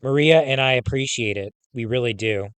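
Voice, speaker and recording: A man reading a gentle jailed father. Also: medium pitch, moderate pace, smooth, dry recording, close to an everyday voice. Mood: apologetic. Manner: soft, tender, apologetic.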